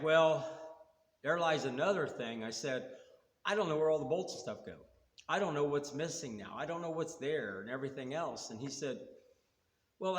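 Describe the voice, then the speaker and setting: A man telling a rambling car story in casual talk, acting out both sides of old conversations. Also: medium pitch. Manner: rambling, retells dialogue with quoted back-and-forth. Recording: echoey room with long reverb.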